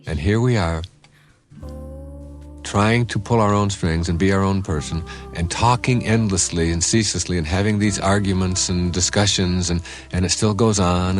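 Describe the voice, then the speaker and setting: Deep-voiced man giving a measured motivational lecture. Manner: measured, emphatic, repeats for stress. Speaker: spiritual teacher.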